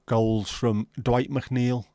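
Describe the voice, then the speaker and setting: A man's voice: mid-range voice, flat delivery, very slow, dark tone, no echo, studio quality. A man hosting a livestream, chatting casually with his viewers in banter full of swearing. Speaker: livestream host. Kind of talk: casual chat with live viewers.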